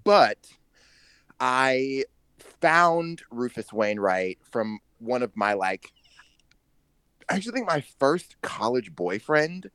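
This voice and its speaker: A man in his forties co-hosting a gossipy podcast, animated and laughing easily. His voice sits in a middling register and is recorded dry and close, with no room sound. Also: medium pitch, slow pace, long pauses, smooth, no echo. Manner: animated, laughs often, playful slang. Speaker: podcast co-host. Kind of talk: casual gossip chat.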